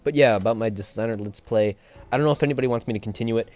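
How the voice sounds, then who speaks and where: Racing through his words, a young let's-play host rambles, jokes and laughs often as he plays. His voice is mid-range with a darkish tone, and the slightly dull home mic also picks up game music.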